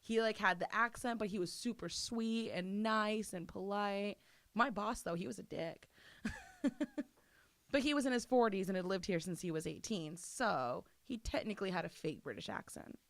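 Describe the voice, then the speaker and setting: A woman's voice: mid-range voice, normal speed, no echo. A woman chatting casually as a podcast guest, laughing often and swearing freely. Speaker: interview guest.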